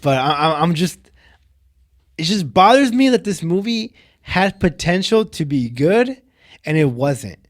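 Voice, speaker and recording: A man's voice: fairly high pitch, sing-song, a little slow. A young man co-hosting a podcast, reviewing a film in casual chat, rambling with lots of filler words and getting heated. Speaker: podcast co-host.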